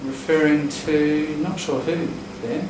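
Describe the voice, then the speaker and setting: A man teaching an English class, explaining pronunciation patterns in a relaxed way and repeating phrases to model them. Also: fairly high pitch, takes it slowly, noisy background. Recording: echoey classroom recorded from a distance.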